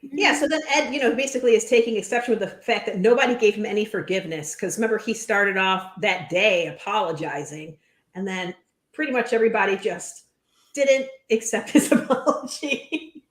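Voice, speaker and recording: A woman's voice: medium pitch, fairly quick, roomy sound. A woman co-hosting a reality show recap in casual chat, retelling scenes animatedly and laughing often. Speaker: recap podcast co-host.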